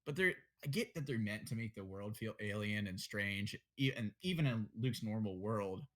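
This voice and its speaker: A man's voice: on the low side, lively intonation, normal speed, fairly bright tone. Blunt, opinionated young man chatting. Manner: blunt, opinionated, swears and jokes. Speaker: podcast co-host. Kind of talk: casual chat.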